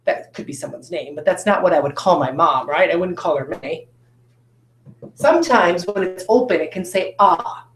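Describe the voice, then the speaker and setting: A woman's voice: fairly low pitch, animated, moderate pace, a little hiss or hum. Patient woman teaching phonics, echoey room. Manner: patient, asks students questions then answers them. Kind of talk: recorded phonics lesson.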